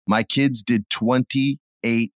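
A middle-aged man co-hosting a podcast, chatting casually and acting out his stories with sudden loud bursts. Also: medium pitch, extremely slow, dry recording, clean studio sound. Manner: animated storyteller, acts out scenes with sudden loud bursts. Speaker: podcast co-host. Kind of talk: casual chat.

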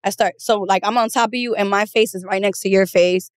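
A woman guest on a podcast, a massage therapist chatting casually, soft-spoken and shy, laughing often. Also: mid-range voice, steady tone, fairly quick, no echo.

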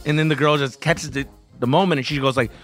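A man telling a wild personal story in casual podcast chat, animated and profane, acting out other people's lines in a raised voice. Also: on the high side, quick pace, faint music behind. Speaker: podcast guest.

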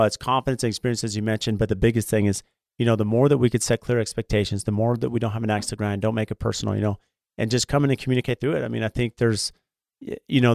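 Fast-talking gravelly man, casual chat. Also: on the low side, a little mellow, no room sound, studio quality. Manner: fast, rambling, many fillers and restarts. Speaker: podcast co-host, home builder.

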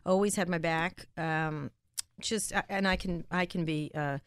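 A middle-aged woman journalist talking bluntly and quickly in a casual interview, laughing often. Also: fairly low pitch, steady tone, smooth, no room sound. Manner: fast, blunt, laughs often, mimics people in stories. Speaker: interview guest, tech journalist.

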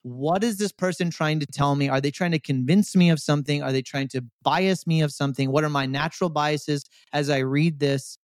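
A man's voice: on the high side, fairly quick, hardly any pauses, no echo, studio quality. A man co-hosting a podcast, speaking in a passionate, emphatic way. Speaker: podcast co-host. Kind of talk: casual podcast chat.

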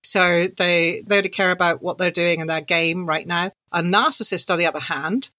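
A woman, an author telling her story as an interview guest, animated and laughing through her anecdotes. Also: on the low side, moderate pace, dry recording. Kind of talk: conversational storytelling.

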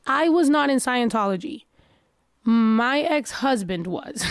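A woman's voice: on the high side, no room sound, studio quality. A casual woman with a stuffy nose, chatting bluntly and often profanely while reading viewer comments. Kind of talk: casual chat.

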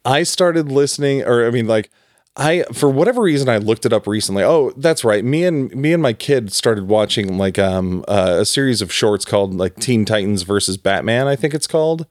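A man's voice: mid-range voice, expressive, normal speed, dry recording, studio quality. A man, a podcast co-host, chatting loosely and joking, with casual swearing. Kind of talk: casual chat.

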